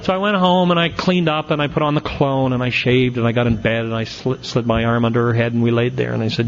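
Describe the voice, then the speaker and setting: A man's voice: medium pitch, fairly even intonation, fast, few pauses, lo-fi sound, slight background noise. A middle-aged man giving a humorous recovery talk, telling stories and acting out the quotes. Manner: storytelling with punchlines, acts out quotes. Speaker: AA speaker.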